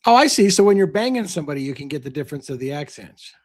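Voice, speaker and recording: Older joking man, fairly high voice. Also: very animated, very fast, no echo, clean studio sound. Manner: joking, self-deprecating banter. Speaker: live stream co-host. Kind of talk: casual panel chat.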